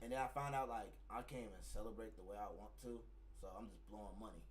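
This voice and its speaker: In a low-leaning voice, a man talks fast through a casual, profane story, animatedly acting out heated quotes and exchanges. The mic is distant, with faint background noise.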